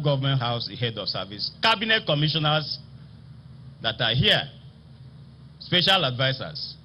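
A man with a Nigerian accent, a state assembly speaker, delivering a formal ceremonial speech in a slow, emphatic, oratorical manner. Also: a little high, pushed and bright, slight background noise. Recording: slightly dull broadcast audio with faint ambience.

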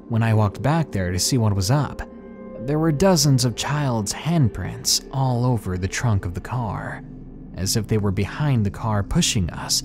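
A man reading a scary true story aloud in slow, hushed, dramatic narration, with faint music behind him. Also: fairly low pitch. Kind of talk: scripted horror story narration. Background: faint background music.

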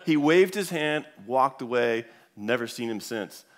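A man's voice: mid-range voice, lively intonation, a little slow. A man speaking at a church event, telling an anecdote to an audience with many fillers and restarts. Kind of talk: storytelling talk to an audience.

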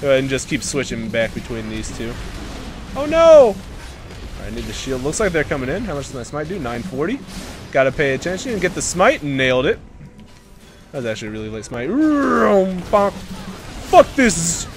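Brief: young male gamer, commentating his own match, pitch jumps all over, faint music behind. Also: fast talker. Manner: excitable, swearing, shouting bursts. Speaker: gaming commentator. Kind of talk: live gameplay commentary.

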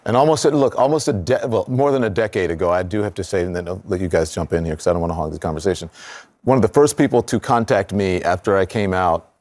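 Deep-voiced male talk-show host. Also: fast, darkish tone.

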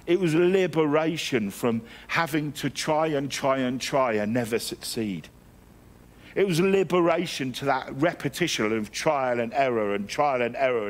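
A middle-aged man from England preaching a sermon, telling stories with self-deprecating humour and frequent restarts. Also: mid-range voice. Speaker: guest preacher.

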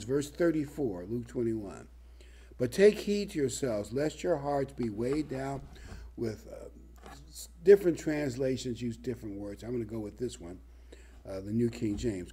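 A man preaching a sermon, reading Bible verses and driving points home with emphatic, lively delivery. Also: medium pitch, normal speed, husky.

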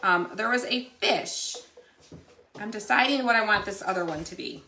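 A woman hosting a casual crafting livestream, telling stories in a chatty, animated way. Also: medium pitch, moderate pace, gravelly, reverberant, a little hiss or hum. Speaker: craft channel host.

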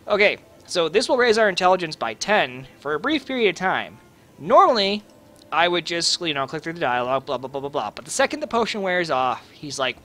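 A man's voice: sits high, very animated, normal speed, pushed and bright, faint music behind. A man casually commenting on his own gameplay, sarcastic and crude. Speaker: gaming video host.

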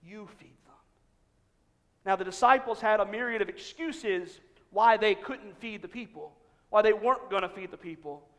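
High-voiced male pastor in a reverberant church. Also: normal speed. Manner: conversational preaching with acted-out quotes, dropping to hushed emphasis. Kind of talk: sermon. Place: church sanctuary.

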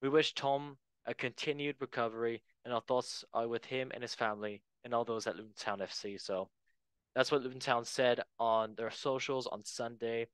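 A man's voice: medium pitch, steady tone, moderate pace, a bit bright, clear, resonant tone, no room sound, rough recording. A man hosting a casual football podcast, chatty and loose, handing the word to his co-hosts. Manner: chatty, loose, many fillers and asides. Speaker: podcast host. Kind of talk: casual chat.

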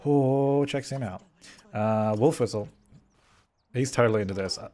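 Excitable man with a lively swooping voice. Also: medium pitch, unhurried, pauses often. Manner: excitable, frets aloud and talks at the game characters. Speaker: gaming video host. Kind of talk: let's play commentary.

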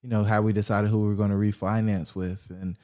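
A man being interviewed as a guest, telling a long story with lively pitch swings and acted-out quotes. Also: brisk. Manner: animated storyteller acting out quoted voices. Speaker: guest, real estate investor.

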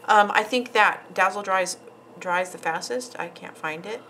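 A woman's voice: mid-range voice, unhurried, pushed and bright, a little hiss or hum, poor audio. A woman nail artist casually narrating a tutorial as she works, chatty with frequent ums and asides. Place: nail salon.

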